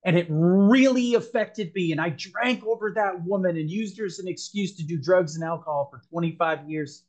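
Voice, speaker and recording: A man's voice: high-pitched, normal speed, a little mellow. A man as a podcast guest, earnestly telling a personal story, rambling with frequent restarts.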